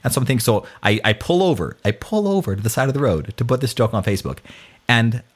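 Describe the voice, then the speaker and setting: A man's voice: mid-range voice, big pitch swings, quick pace. A man talking casually about scripture and his own failings, self-deprecating, with many false starts and restarts. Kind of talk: casual faith talk.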